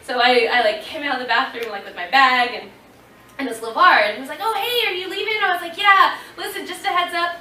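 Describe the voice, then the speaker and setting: A woman in her thirties telling a lively story to a convention audience, laughing and acting out what people said. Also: high voice, quick pace, a little hiss or hum. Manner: animated, laughing, acting out quotes. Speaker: convention panel guest. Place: convention panel room. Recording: echoey room, voice from far off.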